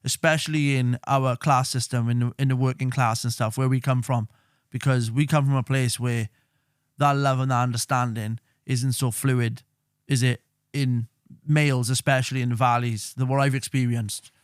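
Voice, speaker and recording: A man's voice: medium pitch, fairly even intonation, normal speed, clear, resonant tone, no echo, clean studio sound. A man, co-hosting a podcast in casual, joking chat full of swearing. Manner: swearing, joking, slips into impressions. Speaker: podcast co-host.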